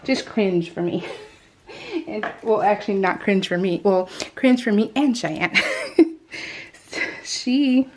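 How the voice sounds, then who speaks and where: A woman's voice: medium pitch, slow, long pauses, a little mellow, a little hiss or hum. A middle-aged woman telling a family story over a crafting video, chatty and laughing often, with many restarts. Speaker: scrapbooking vlogger.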